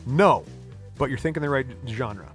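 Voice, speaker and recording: A middle-aged man from Michigan hosting a casual podcast, animated and jokey, with loud announcer-style bursts. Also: medium pitch, normal speed, soft background music. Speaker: podcast host.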